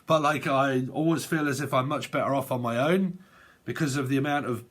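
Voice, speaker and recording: Rambling, sweary tarot reader. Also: male voice, mid-range voice, fairly quick, fairly bright tone. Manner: rambling, sweary, laughs often. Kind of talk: casual tarot reading monologue.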